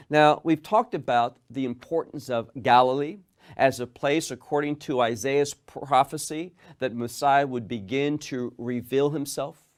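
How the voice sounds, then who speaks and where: Slow, earnest Bible-study teacher, a man. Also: medium pitch. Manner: earnest, repeats words while building a point; asks the listeners reflective questions.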